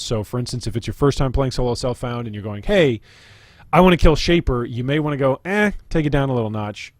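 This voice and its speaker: A man's voice: mid-range voice, a little mellow, no echo. A young man giving casual, upbeat gameplay commentary to viewers, chatty and explanatory as he walks through advice. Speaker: gaming video creator.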